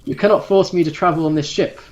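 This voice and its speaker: A man voicing a stubborn English gentleman who rants frantically about doom aboard a ship in a tabletop game. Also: fairly high pitch, fast talker, voice pushed up, natural voice. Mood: panicked insistence. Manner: frantic, insistent. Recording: dull lo-fi recording.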